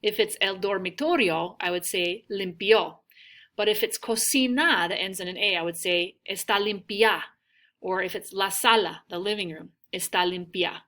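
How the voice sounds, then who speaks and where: Woman teacher, bright tone, patient drilling of words, mid-pitched. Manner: models words slowly, prompts repetition. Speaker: Spanish teacher. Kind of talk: recorded classroom lesson.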